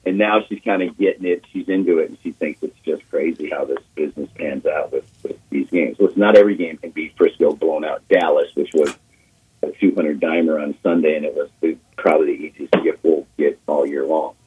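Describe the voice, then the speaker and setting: Excitable older man on a phone line. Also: a bass voice, a little fast, breathy edge. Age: 60s. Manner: excitable, repeats himself, acts out quotes. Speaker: sports betting guest. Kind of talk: animated storytelling on radio. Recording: phone-line call on radio.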